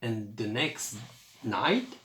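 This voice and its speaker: A man reading a children's picture book aloud in a lively storytelling voice. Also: fairly low pitch, very slow, reverberant.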